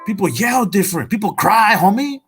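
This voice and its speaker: A man's voice: sits high, lively intonation, fairly quick, soft background music. Streetwise man, fired-up motivational talk. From Salinas, California. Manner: streetwise, profane, repeats "homie" and "Holmes". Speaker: motivational speaker. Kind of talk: impassioned motivational monologue.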